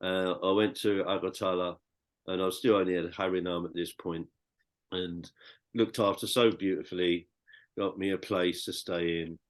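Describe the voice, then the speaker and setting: Brief: British man, low voice, rambling heartfelt podcast storyteller. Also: steady tone, normal speed. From Britain. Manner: rambling and heartfelt, with many restarts. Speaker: podcast guest. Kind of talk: personal storytelling.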